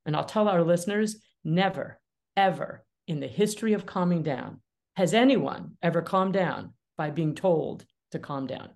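A middle-aged woman, a guest mediator and author, talking with animated energy in a podcast interview and laughing often. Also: on the low side, normal speed, vocal fry. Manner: lively, animated, laughs often, acts out dialogue.

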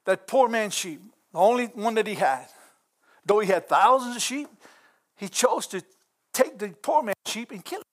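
A man preaching a sermon with passion, breaking into fervent exclamations and rising to shouts as he drives his points home. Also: high voice, lively intonation, normal speed.

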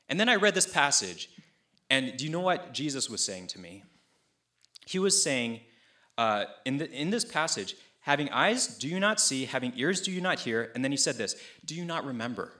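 A young pastor delivers his sermon with a bright, forward tone. He talks conversationally and tells stories with energy. He voices the people he quotes with playful asides. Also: mid-range voice, animated, moderate pace.

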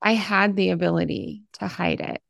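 A middle-aged woman from Southern Ohio hosting a podcast, talking in an effusive, expressive way. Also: on the low side, normal speed, gravelly, no room sound, clean studio sound. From Southern Ohio, Appalachia. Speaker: podcast host. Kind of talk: conversational interview.

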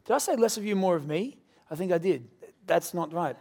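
A man's voice: high-pitched, animated. A man in his thirties, a pastor preaching a sermon with casual storytelling and self-deprecating humour. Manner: prays in a quiet, slow, reverent voice.

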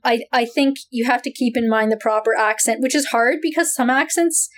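Woman podcast co-host, slightly high voice, animated chat with rhetorical questions. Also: a little fast. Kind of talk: casual chat.

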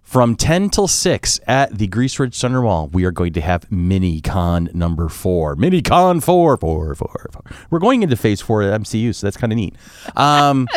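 An upbeat man hosting a casual podcast, rattling off event details with little jokes along the way. His voice is smooth and clear, and the recording is close and dry with no room sound. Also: on the low side, big pitch swings, moderate pace, no echo. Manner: upbeat, jokey announcer of events. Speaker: podcast host.

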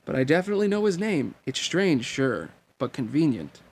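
A man reading an audiobook and voicing a cheerful, teasing young female ninja, raising his pitch for her. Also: sing-song, normal speed, darkish tone, slightly rough, full character voice.

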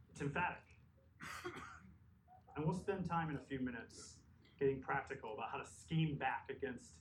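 A pastor with a higher-pitched voice preaches a sermon, earnest and emphatic, with conversational asides. A distant mic in an echoey hall picks him up, with a little hiss or hum.

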